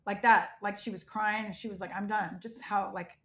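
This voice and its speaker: A middle-aged woman from the United States telling her life story as a guest in an interview, animated and emphatic, acting out what people said. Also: mid-range voice, moderate pace. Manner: animated, emphatic, frequent "like" and quoted dialogue.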